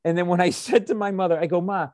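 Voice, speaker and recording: Guy riffing on family stories, swears a ton, kinda high voice, dry close mic. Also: very fast, no room sound. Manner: profane, animated, rambling. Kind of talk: casual chat, comedic storytelling.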